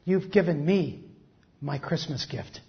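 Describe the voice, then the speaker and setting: A man's voice: on the high side, a little slow, gravelly, pitched below the performer's own voice. A preacher voicing a ragged, drunken old man who speaks in a firm, commanding way. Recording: dull lo-fi recording.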